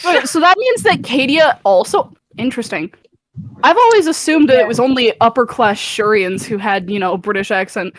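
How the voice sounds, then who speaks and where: A woman's voice: fairly high pitch, lively intonation, normal speed, no echo, poor audio. A woman playing a tabletop game who chats casually, musing aloud and correcting herself. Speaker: player.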